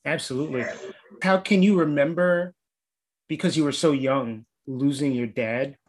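A man's voice: a little high, steady tone, normal speed. Attentive male interviewer. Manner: attentive, short affirmations. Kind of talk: interview questions.

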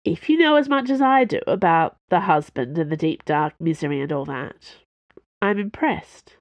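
A woman voicing a wry, knowing woman crewmate who speaks in a relaxed, sighing way. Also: low-pitched, normal speed, dry recording, highs cut off. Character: warm, wry woman crewmate, protective friend.

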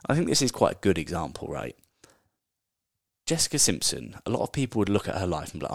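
A man's voice: deep voice, sing-song, quick pace, creaky, dry recording. A man hosting a casual solo podcast, talking in a chatty, candid way and swearing offhandedly. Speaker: podcast host.

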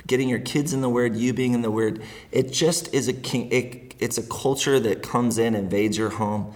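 A man's voice: mid-range voice, steady tone, moderate pace, darkish tone. A middle-aged man speaking as a guest in a casual interview, earnest and rambling, often laughing as he talks.

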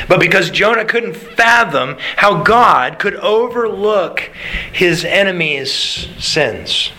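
A man preaching a sermon, animated and conversational, acting out quotes as he goes. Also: medium pitch, slight background noise, poor audio. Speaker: pastor.

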